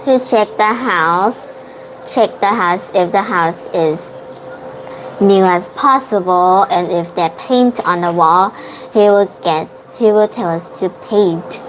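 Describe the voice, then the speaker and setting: A young woman learning English speaks in a middling voice, pausing and restarting as she works through her arguments. Her first language is Vietnamese, and her debate answers come with a faint hiss of noise behind them. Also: mid-range voice, rough recording. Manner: hesitant, restarts and self-corrections. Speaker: English student. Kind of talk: debate practice in an online lesson.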